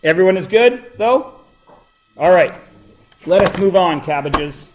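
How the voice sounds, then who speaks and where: A man's voice: high voice, a little slow, slight background noise. Male teacher, playful anecdote-teller, bouncy intonation, roomy classroom sound. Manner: joking, animated storyteller. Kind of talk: casual classroom talk with anecdotes.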